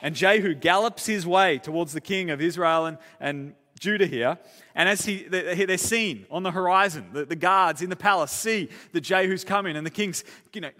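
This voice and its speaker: Male pastor, fairly high, bright, casual storytelling sermon, big hall reverb. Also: normal speed. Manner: lively storytelling, casual asides, frequent repeats. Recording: long church-hall reverb.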